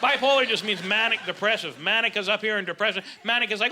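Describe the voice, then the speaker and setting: A brash, middle-aged man works a comedy club crowd, his voice sitting unusually high for a man. He mocks himself loudly and stumbles through restarts. A handheld stage mic picks him up over loud audience laughter. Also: fast, few pauses, noisy background. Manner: loud, brash, self-mocking delivery with frequent restarts. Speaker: stand-up comedian. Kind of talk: stand-up comedy set.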